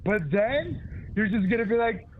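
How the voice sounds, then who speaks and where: A man's voice: high-pitched, animated, moderate pace. A man calling into a casual chat show, talking in a slangy, laid-back way. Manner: slangy, laid-back, says bro and dude. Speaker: caller. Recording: tinny phone line.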